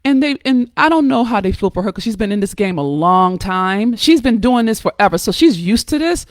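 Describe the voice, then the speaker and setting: A woman's voice: medium pitch, lively intonation, fairly quick, no echo, studio quality. A woman from the United States giving motivational advice to other women in a blunt, emphatic way, cursing freely, often restarting words and checking in with "okay?" and "right?". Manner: many restarts and repeated words. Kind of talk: motivational talk to camera.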